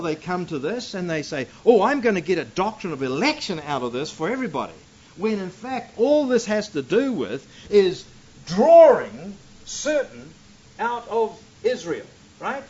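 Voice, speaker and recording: A man's voice: high voice, darkish tone, breathy edge. A man teaching a Bible passage verse by verse, reading scripture aloud and breaking in with emphatic asides. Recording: dull lo-fi recording.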